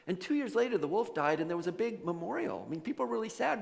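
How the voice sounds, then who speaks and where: A man's voice: sits high, very animated, fast talker, vocal fry, few pauses. A man preaching a sermon, telling a story casually and acting out the characters' voices. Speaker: minister. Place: church sanctuary. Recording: long hall reverb.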